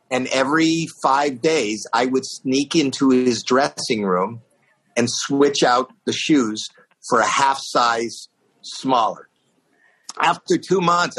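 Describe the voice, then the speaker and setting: A husky man spins a rambling, animated story in casual conversation. He jumps into high, shouted voices to act out the other people in it, then drops back to an easy, conversational tone. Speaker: guest telling a story. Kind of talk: casual anecdote.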